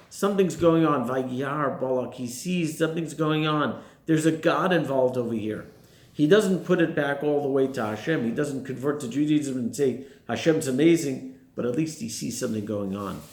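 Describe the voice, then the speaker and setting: A man's voice: a little high, gravelly. A man, a rabbi, giving a sermon and posing rhetorical questions to his listeners. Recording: roomy echo.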